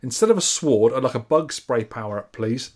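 A man co-hosts a casual podcast. His pitch sits in an ordinary middle range. He reads out listener scores with a playful, teasing manner. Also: lively intonation, a little fast, a little mellow. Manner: jokey, banter-filled. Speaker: podcast co-host.

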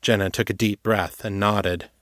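A man narrating an audiobook story in an even, measured way. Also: lowish voice, dry recording, studio quality. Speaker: author and narrator.

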